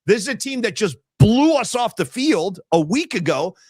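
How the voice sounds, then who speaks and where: A man co-hosting a sports podcast in casual chat, animated and reading viewer comments aloud. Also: high voice, normal speed, no echo, clean studio sound. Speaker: podcast co-host.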